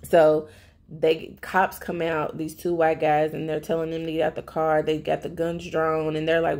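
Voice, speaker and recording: A woman chatting casually as she recaps a TV episode, talking straight to her viewers in a lively storytelling way. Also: sits low, normal speed, creaky. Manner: chatty, addresses viewers directly; animated storytelling. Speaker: TV recap vlogger.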